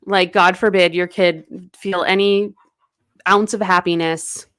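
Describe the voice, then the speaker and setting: Her voice is fairly low, steady, unhurried and a bit bright, with a clear, resonant tone. As a podcast co-host in a casual book recap chat, she walks through a novel's plot in a loose, chatty way, performing bits of dialogue as quotes.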